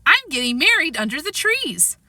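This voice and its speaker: A woman voicing an excitable, bratty little boy in a storybook reading. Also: high voice, normal speed, no room sound, pitched above the performer's own voice, exaggerated voice. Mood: excited. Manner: sing-song, excitable.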